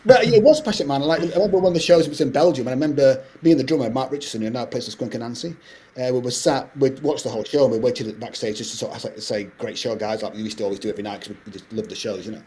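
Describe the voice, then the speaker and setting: A middle-aged man, telling stories as a podcast guest in animated, rambling talk. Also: medium pitch, breathy edge. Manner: fast, animated anecdote-telling with frequent laughs. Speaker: guest composer. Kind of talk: casual podcast interview storytelling.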